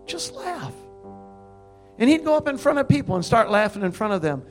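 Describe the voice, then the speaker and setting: An older man preaching, telling a story in an animated way and breaking into loud laughs and high exclamations. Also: moderate pace, faint music behind. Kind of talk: sermon testimony.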